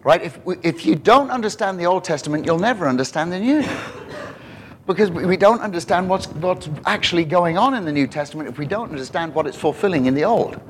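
A male preacher delivers an enthusiastic sermon, turning to his congregation with questions. His voice sits a little high. A faint hum of the room stays under his words. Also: animated, quick pace, poor audio. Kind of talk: expository sermon.

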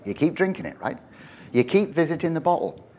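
A man preaching a conversational sermon in a church, joking and animated, with self-deprecating asides. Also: on the high side, fairly quick, a little hiss or hum. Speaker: pastor.

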